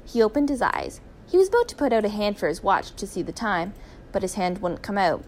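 A woman narrating a children's story in a clear, even, expressive reading voice. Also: mid-range voice, fairly quick, slight background noise. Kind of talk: children's story read aloud.

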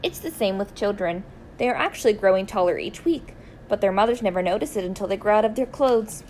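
Woman reading a kids' story out loud, really lively up-and-down voice. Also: medium pitch, slight background noise, rough recording. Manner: expressive, slow and deliberate for emphasis. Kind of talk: reading a children's story aloud.

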